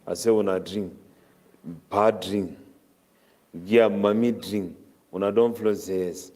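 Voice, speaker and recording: A man preaching a Ramadan tafseer sermon in Cameroonian Pidgin English, chanting Arabic verses rapidly between his explanations. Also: on the low side, steady tone, dark tone.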